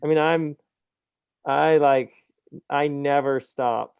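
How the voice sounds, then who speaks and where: A middle-aged man, an author being interviewed, talking in an animated, reflective way and often laughing at himself. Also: fairly high pitch, takes it slowly, gravelly, clear, resonant tone, no echo, phone-quality sound. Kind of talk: casual interview conversation.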